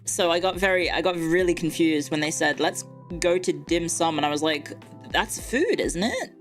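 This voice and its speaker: Low-voiced, hesitant young woman streamer. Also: animated, moderate pace, soft background music. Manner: hesitant, many fillers, wry and low-key. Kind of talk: casual storytelling on a stream.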